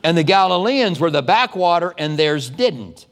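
A man preaching as a pastor, telling stories in a conversational, animated way with quick asides. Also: a little high. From United States. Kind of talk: sermon. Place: church sanctuary. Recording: long hall reverb.

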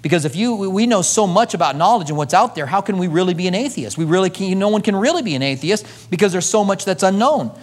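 A man preaching a sermon, moving between loud emphasis and hushed asides, then leading a prayer. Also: sits high, lively intonation, fast, few pauses, long reverb tail. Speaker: pastor.

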